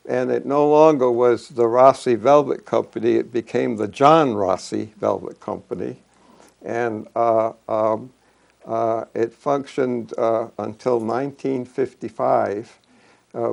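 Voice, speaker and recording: Older male local historian, unhurried, hesitant delivery, gravelly texture. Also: mid-range voice, a little mellow. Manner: halting, many fillers and restarts. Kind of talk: reminiscing talk.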